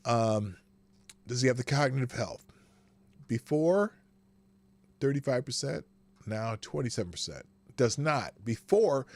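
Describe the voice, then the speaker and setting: A man's voice: medium pitch, animated, normal speed, a bit bright, no echo. A man hosting a political commentary show, sarcastic and given to laughing asides. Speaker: host.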